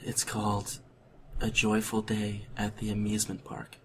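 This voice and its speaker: A man playing a comedy guest on a podcast, speaking in a quiet, deadpan, matter-of-fact way. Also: lowish voice, normal speed.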